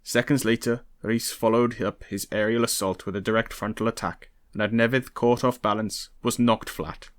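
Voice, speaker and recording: A man with a fairly low voice reads a historical novel aloud, narrating in a steady, even storytelling manner. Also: moderate pace, few pauses. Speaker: audiobook reader.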